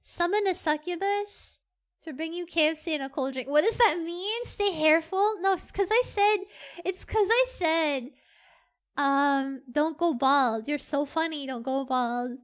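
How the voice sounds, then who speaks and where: Very high, bright, giggly streamer. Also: unhurried. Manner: giggly and excitable, squeals. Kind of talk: casual live-stream chat.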